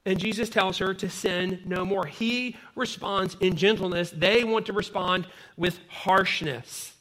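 Male pastor, thirties, high bright voice, conversational sermon with personal stories. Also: a little slow.

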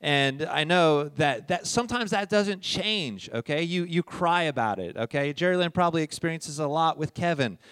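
A middle-aged pastor preaching a sermon in a conversational way, often checking in with "all right?" and moving from soft asides to loud emphasis. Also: male voice, on the high side, animated, moderate pace, hardly any pauses, clean tone, dry recording, clean studio sound.

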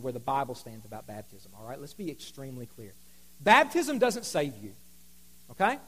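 A man preaching a sermon to his congregation, calling for responses and swinging between loud, fired-up bursts and low, intimate talk. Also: rough recording. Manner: exhorting, call-and-response with congregation. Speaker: pastor. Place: rented hall before a congregation.

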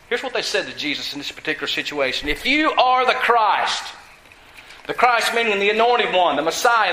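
A man's voice: high voice, bright, forceful tone, roomy sound, rough recording. A male pastor preaching a sermon, asking the congregation questions and repeating lines for emphasis.

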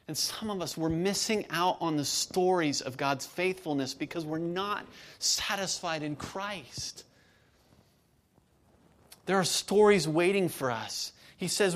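A man's voice: fairly high pitch, fairly bright tone. A man in his thirties preaching to his church in a conversational way, building to emphatic peaks. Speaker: pastor. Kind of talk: sermon.

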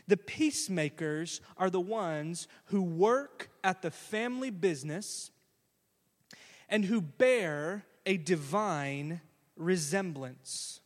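A male pastor preaching a sermon in a conversational storytelling way, often putting questions to the congregation. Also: high-pitched. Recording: long hall reverb.

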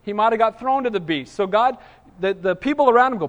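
A male pastor preaching an expository sermon, animated, acting out quoted voices and asking for the congregation's agreement. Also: extremely high pitch, fast, in a large hall.

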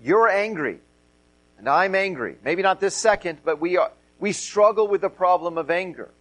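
A middle-aged man preaches from the pulpit in an earnest tone, circling back to repeat and stress his key phrases. His speaking voice sits somewhat high for a man. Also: lively intonation, normal speed, fairly bright tone, rough recording. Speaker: pastor. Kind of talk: sermon.

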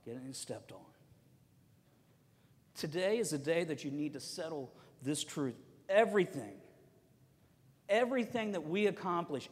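A man preaching a sermon as a pastor, telling stories and swinging between loud emphatic lines and soft quiet ones. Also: high voice, big-room sound.

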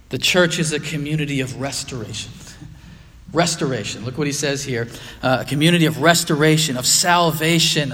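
A man's voice: fairly high pitch, long reverb tail. A man preaching a sermon as pastor, earnest and emphatic, with frequent fillers.

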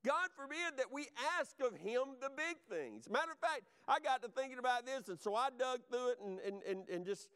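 A man's voice: very high-pitched, fairly bright tone, clear, resonant tone. A male pastor preaching a sermon, fervent and exhorting, driving points home by repetition.

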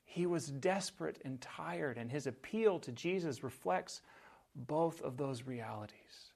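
Male pastor, sermon delivery, unhurried and a touch high-pitched, with hushed emphasis on key lines. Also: vocal fry. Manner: measured preaching, dropping soft on key phrases.

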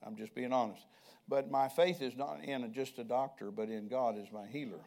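A man's voice: mid-range voice, normal speed, creaky, darkish tone. An older man preaching a sermon in a conversational way, often asking the congregation questions. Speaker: pastor.

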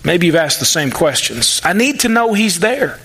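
Male pastor, high bright voice, chatty sermon delivery. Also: sing-song, normal speed, husky. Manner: conversational preaching, acts out the psalmist's voice.

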